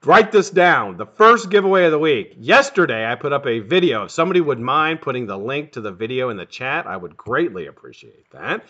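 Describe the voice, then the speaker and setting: Animated, profane male livestream host. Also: mid-range voice, brisk, few pauses. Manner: lively, profane, greets viewers one after another. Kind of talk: casual live-stream chat. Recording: dull lo-fi stream audio.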